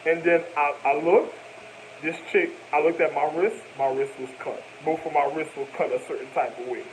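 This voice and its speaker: Animated young man telling a rambling story. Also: fairly high pitch, normal speed, a little hiss or hum, low-quality recording. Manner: animated, profane, repetitive street slang. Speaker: vlogger.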